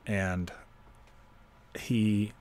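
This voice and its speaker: A young man from Ohio hosting a podcast, telling a personal story in a casual, halting way and swearing freely. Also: fairly low pitch, little pitch movement, a little mellow. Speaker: podcast host.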